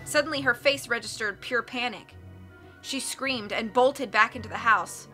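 A woman reading a mystery novel aloud with clear, steady storytelling. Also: on the high side, normal speed, faint music behind. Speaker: audiobook reader.

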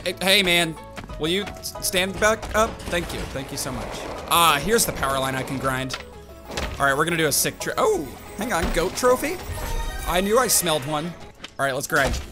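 A young man giving excited let's-play commentary on a game, with sudden loud outbursts and gasps. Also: a little high. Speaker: gaming YouTuber. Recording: game music behind the voice. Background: game music.

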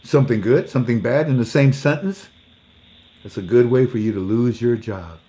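A man at a middle pitch reads out news articles and answers each one with sarcastic asides. He plays out little mock dialogues and laughs at his own jokes. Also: normal speed, mellow. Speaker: commentator reading news articles. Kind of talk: casual commentary.

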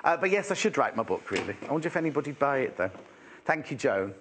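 A man's voice: medium pitch, sing-song, quick pace, a bit bright, slight background noise. A man presenting a live shopping channel in a chatty, teasing way, full of exclamations.

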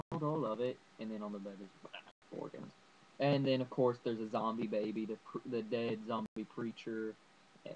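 A man's voice: lowish voice, lo-fi sound, slight background noise. Rambling young man reviewing a horror film. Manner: rambling, enthusiastic, many fillers like uh and like. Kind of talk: casual movie review vlog.

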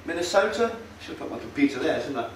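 Fast and sing-song, his voice on the high side, the man gives a conversational, sardonic public talk in a meeting hall, stumbling over fillers. It's recorded at a distance in a roomy hall with a little noise.

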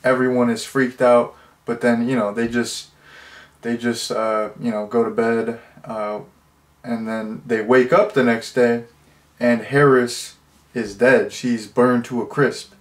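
A man casually reviewing a horror movie, rambling with lots of fillers and restarts, getting loud and incredulous when something amuses him. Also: mid-range voice, flat delivery, slow.

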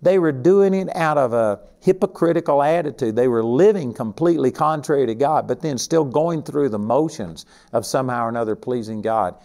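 A man's voice: mid-range voice, lively intonation, a little fast, few pauses, darkish tone. Folksy Texan preacher, older man. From Texas. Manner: folksy, conversational, emphatic. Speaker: Bible teacher. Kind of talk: teaching sermon.

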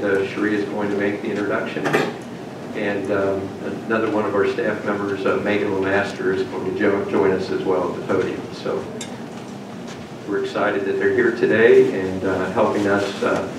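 A man gives formal welcome remarks from the podium at a school board meeting, speaking with frequent pauses. His low voice stays flat in pitch. He is heard from a distance in a very echoey room with background noise.

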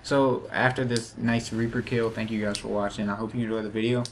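A man's voice: on the low side, little pitch movement, a little fast, slight background noise. A man with a lisp giving rambling, casual commentary over his gameplay, full of fillers and restarts.

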